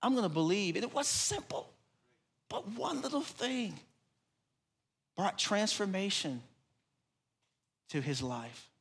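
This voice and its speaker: A man preaching a sermon, telling a lively story and voicing the people in it, then dropping to soft, hushed tones for his appeal. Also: high voice, takes it slowly, creaky, pauses often, breathy edge. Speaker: pastor.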